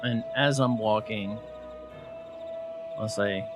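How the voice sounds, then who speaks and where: A man's voice: fairly low pitch, expressive, normal speed, gravelly, music in the background. A man playing a tabletop game, stating his actions plainly and directly. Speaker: player. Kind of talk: casual game talk.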